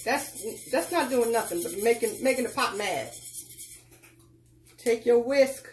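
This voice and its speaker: A woman's voice: a little high, lively intonation, measured pace, long pauses, a little mellow, faint music behind. A woman hosting a live cooking tutorial, giving folksy, instructive directions and calling her viewers child and girl. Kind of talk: casual live cooking demonstration.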